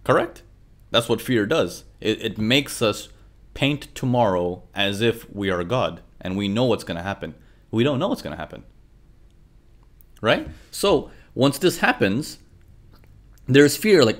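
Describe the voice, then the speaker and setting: A man teaches trading live over charts, his voice on the low side and his pace measured. He talks animatedly, peppering his lesson with "okay" and "right," and dramatizes how traders think.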